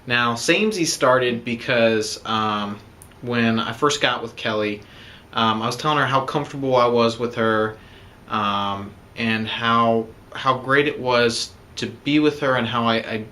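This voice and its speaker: A man's voice: medium pitch, measured pace, bright, forceful tone. A young man casually telling the story of his proposal, rambling with lots of fillers. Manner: rambling, many fillers like "you know" and "um".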